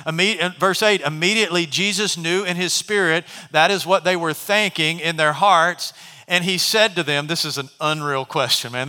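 Male pastor, high and bright, animated sermon storyteller, reverberant church hall. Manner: animated storytelling, acts out characters. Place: church sanctuary.

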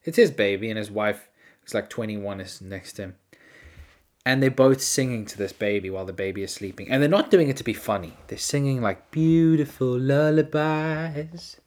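A man's voice: medium pitch, moderate pace, a little mellow. A man hosting a solo podcast, rambling through incredulous rants with self-deprecating asides. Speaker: podcast host.

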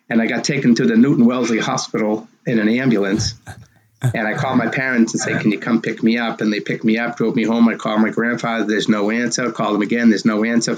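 A man in his sixties, a race director telling his story in an interview in an animated way and acting out the dialogue. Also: mid-range voice, rough recording.

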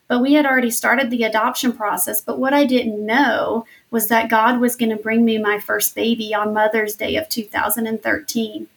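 A woman in her thirties tells her story of faith in an interview, with an earnest and heartfelt delivery that turns emotional at times. Her voice sits a little higher than most women's. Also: flat delivery, normal speed, gravelly, few pauses. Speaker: interview guest. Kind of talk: personal testimony interview.

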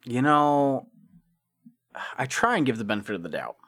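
A man co-hosting a casual album discussion podcast, talking in a halting way with many fillers. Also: medium pitch, big pitch swings, fairly bright tone, no echo, studio quality. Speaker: podcast co-host.

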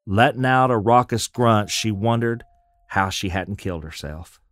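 A man's voice: lowish voice, animated, unhurried, a bit bright. A man narrating a scripted audio drama in a folksy storytelling manner.

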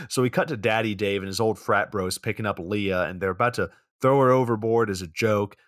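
A young podcast co-host with a low-pitched, fairly bright voice recaps a film's plot briskly in a loose, casual chat, rambling with lots of fillers and little polish. The sound is dry and close, with no room echo.

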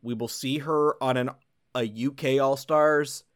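A man's voice: medium pitch, unhurried, clean tone. A man co-hosting a podcast in casual chat, joking at his own expense. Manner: animated, self-deprecating banter. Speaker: podcast co-host.

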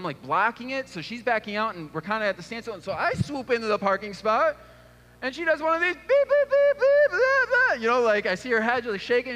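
A man in his thirties, a pastor, preaching a sermon with animated storytelling and acted-out voices. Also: high-pitched. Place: church auditorium. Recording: long hall reverb.

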